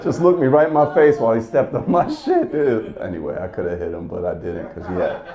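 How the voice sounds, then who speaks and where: A man's voice: lowish voice, lively intonation, a little fast, a crowd in the background. A man performing a stand-up comedy set, telling stories in an exasperated, profane way.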